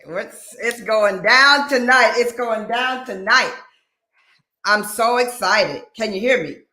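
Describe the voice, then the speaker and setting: A woman from Detroit opening a live radio talk show with high energy, repeating phrases for emphasis. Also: takes it slowly, bright, forceful tone, echoey room. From Detroit, Michigan.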